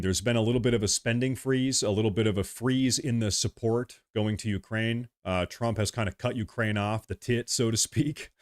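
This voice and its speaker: Speaking into a headset mic, a man from the United States hosts a political livestream. His commentary is heated, combative and repetitive, lurching between loud outbursts and low mutters.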